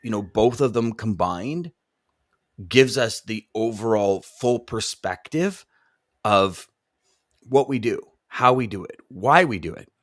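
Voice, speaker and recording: A man's voice: lowish voice, lively intonation, takes it slowly, fairly bright tone. A man hosting a casual live-stream chat as a coach, reading viewer comments aloud and often repeating words. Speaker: podcast host and trucking coach.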